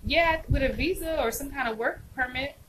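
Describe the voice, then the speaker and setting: A woman's voice: high-pitched, normal speed, background noise. A woman acting coach hosting a casual live stream, chatting animatedly and answering viewers' comments by name.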